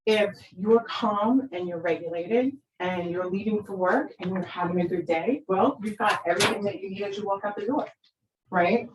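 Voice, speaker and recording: A woman's voice: mid-range voice, a little hiss or hum. A woman in her fifties, a therapist giving a presentation to parents, talking conversationally, often checking in with "right?", and acting out quoted lines with big shifts in her voice. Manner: conversational, keeps asking "right?". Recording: roomy echo, speaker far from the mic.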